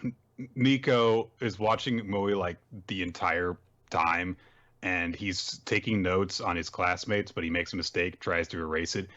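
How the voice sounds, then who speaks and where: A man's voice: low-pitched, unhurried, a bit bright, highs cut off. A man co-hosting a podcast, casually summarizing comic chapters with chatty asides. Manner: chatty summarizing, acted quotes, frequent laughs. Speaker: podcast co-host. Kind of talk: casual chat recapping manga.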